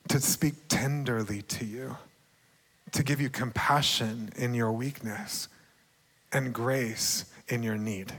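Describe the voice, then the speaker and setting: A young man giving a sermon testimony in an earnest, personal way, laughing often between thoughts. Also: medium pitch. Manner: earnest, laughs often, bursts into excited shouting. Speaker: preacher. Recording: long hall reverb.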